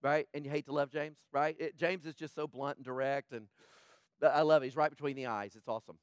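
A man preaching a sermon as pastor, impassioned, swinging between loud urgent passages and hushed ones. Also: fairly high pitch, fairly even intonation, fairly quick, smooth, dry recording, studio quality.

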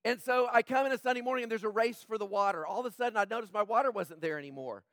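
A man preaching a sermon as pastor, his voice slightly rough, talking conversationally and joking with the congregation. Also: sits high, rapid-fire, a bit bright, no room sound, studio quality.

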